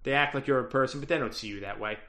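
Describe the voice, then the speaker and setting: A man's voice: medium pitch, racing, sharp tone, close to an everyday voice. A man voicing a paranoid male criminal who insists on his new name, in a tabletop game. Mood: touchy. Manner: touchy, paranoid, boastful.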